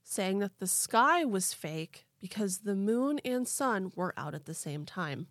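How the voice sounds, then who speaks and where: A young woman hosting a podcast, telling a story in a casual, animated way with lots of "like" and laughter. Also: mid-range voice, unhurried, no echo, studio quality. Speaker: podcast host.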